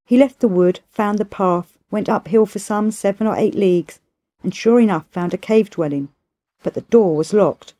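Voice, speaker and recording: A woman reading a classic novel aloud as steady, measured storybook narration. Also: mid-range voice. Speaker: audiobook reader.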